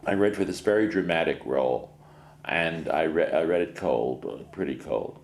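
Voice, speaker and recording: An elderly actor in his eighties tells a wry story with halting restarts. His voice is deep and gravelly, with an echo in the room. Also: animated. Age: 80s. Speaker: veteran actor. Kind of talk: interview anecdote. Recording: roomy echo.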